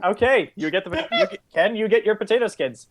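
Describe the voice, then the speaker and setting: A man narrating as game master with a slightly high voice. He rambles casually, restarts his sentences and laughs along with his players. The mood is loose and jokey. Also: animated, fairly quick, a little hiss or hum.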